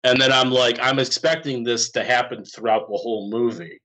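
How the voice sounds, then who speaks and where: A man of middle pitch talks casually about a movie on a podcast, stopping and restarting his thoughts as he goes. His delivery is loose and conversational. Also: steady tone, sharp tone, rough recording. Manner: loose, halting chat with restarts. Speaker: podcast co-host. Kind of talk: casual film review chat.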